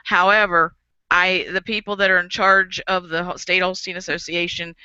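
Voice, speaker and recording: A woman's voice: lowish voice, flat delivery, normal speed, sharp tone, clean tone, dry recording. A woman magazine editor speaking in a plain-spoken, matter-of-fact way in a casual round-table discussion. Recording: dry, dull lo-fi recording.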